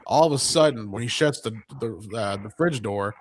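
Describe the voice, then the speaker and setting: A man's voice: on the low side, expressive, moderate pace. A man talks casually through a movie's plot, circling back and quoting characters as he goes. His delivery is loose and full of fillers. A faint noise floor sits under the recording. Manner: rambling recap full of fillers and quoted lines. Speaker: podcast co-host reviewing a film. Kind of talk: casual chat.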